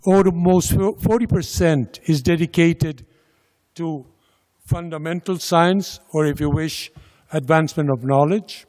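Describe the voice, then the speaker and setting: A man giving a slide presentation about a funding agency's programs, speaking slowly and deliberately with pauses and fillers. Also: a little high, darkish tone. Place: lecture hall. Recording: lecture hall with long reverb.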